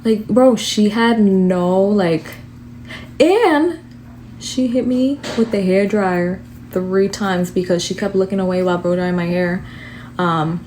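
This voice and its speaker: A woman's voice: lowish voice, darkish tone, a little hiss or hum. A young woman tells a storytime to the camera in an exasperated rant, with lots of swearing and fillers.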